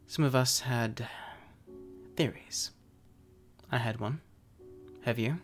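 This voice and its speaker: A man voicing a calm, watchful physician who speaks in a measured, gently probing way. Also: medium pitch, soft background music, close to an everyday voice.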